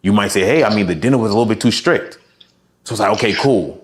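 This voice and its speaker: A man with a somewhat low voice coaching a client through a meal plan. He is direct and encouraging and walks through concrete examples step by step. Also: fast. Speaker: fitness coach. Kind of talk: coaching session.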